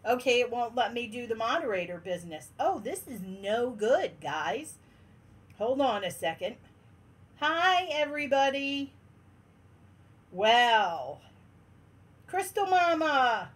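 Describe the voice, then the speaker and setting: A woman's voice: a little high, big pitch swings, slow pace, pauses often, breathy edge. A woman hosting a casual livestream from her den at home, bubbly and laughing often as she greets viewers one by one. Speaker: livestream host.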